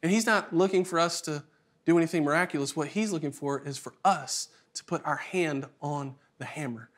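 Animated man telling a sermon story. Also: fairly high pitch, moderate pace. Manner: animated, self-deprecating storyteller with laughs. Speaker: keynote speaker. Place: conference hall stage.

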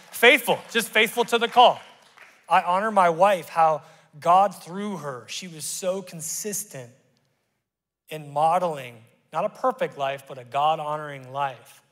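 A middle-aged man preaching a sermon, his delivery swinging from loud emphatic calls to hushed, confessional asides, picked up by a stage microphone in a church auditorium. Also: high-pitched. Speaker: pastor. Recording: live church hall reverb.

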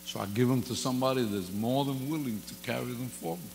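A man's voice: medium pitch, fast talker, vocal fry, darkish tone. A man preaches a loose, joking sermon, telling stories in folksy, casual speech. His voice carries a long reverb from the church hall. A faint electrical hum sits under the recording. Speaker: guest pastor. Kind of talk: informal sermon with humorous stories.

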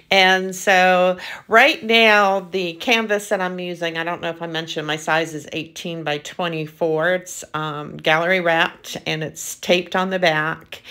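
Gushing, chatty woman with a lower voice. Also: fairly bright tone. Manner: gushing, enthusiastic, filler-heavy. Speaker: acrylic pour artist, channel host. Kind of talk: casual vlog narration.

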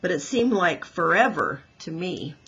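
A woman voicing a young male gosling who asks worried, eager questions in a high childlike voice. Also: very animated, a little slow, creaky, fairly bright tone, husky, full character voice.

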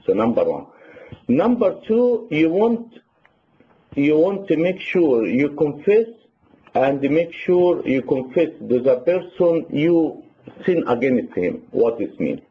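A man's voice: fairly high pitch, big pitch swings, takes it slowly, muffled recording. A man with an Egyptian Arabic accent and Arabic as his first language, giving a sermon on confession that counts its points aloud. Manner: counts points aloud, retells church stories. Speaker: deacon teaching on confession.

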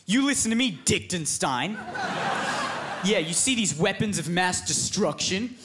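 A man voicing a cocky, bullying high-school boy who swaggers and threatens. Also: lively intonation, a little slow, very noisy. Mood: cocky threatening. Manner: swaggering, aggressive, shouty.

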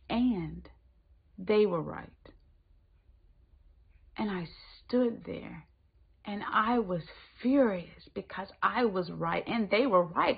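A woman giving a spoken Christian devotional, moving between emphatic lines and hushed whispers. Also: medium pitch, gravelly, husky. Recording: tinny phone-like sound.

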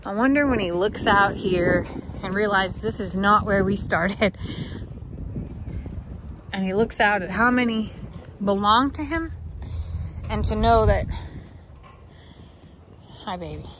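A woman talks fondly to her cattle and wonders aloud about them, at a middling pitch. She is out in a pasture, and steady outdoor noise with a vehicle hum sits under her voice. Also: takes it slowly, long pauses. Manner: chatty, affectionate, musing aloud. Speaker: ranch vlogger. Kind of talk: casual vlog talk to animals and viewers.

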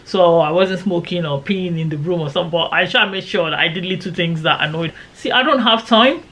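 A woman's voice: lowish voice, fast. A young woman, dramatically retelling a personal story in a casual vlog. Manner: animated, dramatic retelling with quoted shouts. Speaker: storyteller vlogger.

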